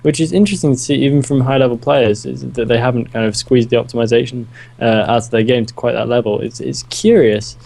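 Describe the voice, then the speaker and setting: Mellow-voiced analytical male co-caster. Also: medium pitch, steady tone, creaky. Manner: measured, analytical, breaks into giggles. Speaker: esports co-caster. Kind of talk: live game analysis.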